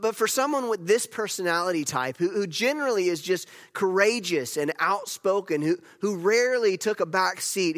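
A male pastor preaching a sermon as a storyteller, with loud emphatic moments and hushed, near-whispered passages. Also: high voice. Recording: long hall reverb.

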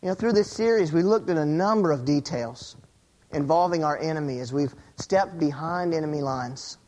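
A man preaching a sermon as a pastor, telling a personal story that sinks to a hushed low voice in tense moments and climbs when he gets excited, often repeating words as he restarts a phrase. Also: normal speed.

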